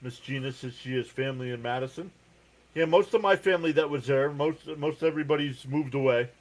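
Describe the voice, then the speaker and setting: A man with a New Jersey accent hosts a live baseball reaction stream. He calls each pitch and the count in a casual, chatty way. Between plays he reads out viewers' messages and answers them. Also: a little fast. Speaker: live sports reaction host. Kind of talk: live baseball play-by-play and chat.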